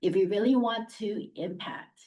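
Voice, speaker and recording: Hoarse woman, preschool director, distant. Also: medium pitch, normal speed, dark tone. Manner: earnest, chatty, laughs lightly. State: losing her voice. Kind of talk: public comment at a meeting. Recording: distant mic.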